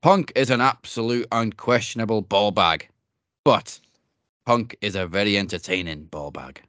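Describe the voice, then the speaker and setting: A blunt, mocking Scottish man reads out an insult he finds funny, as a podcast host puts on the voice. The voice is low, and he stresses it in a put-on Scottish accent. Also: normal speed, a bit bright, dry recording, natural voice. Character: gruff Scottish man reading out an online comment.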